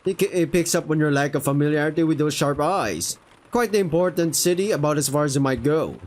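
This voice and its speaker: A man's voice: fairly high pitch, lively intonation, brisk, lightly acted. Boastful male falcon sailor, read by a man, friendly and a bit showy. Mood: chatty. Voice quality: friendly, show-off tone.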